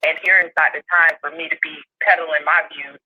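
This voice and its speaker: A woman in her forties, a guest calling in to a casual chat, speaking in a calm, measured way. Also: low voice. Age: 40s. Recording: dull phone line with faint hiss.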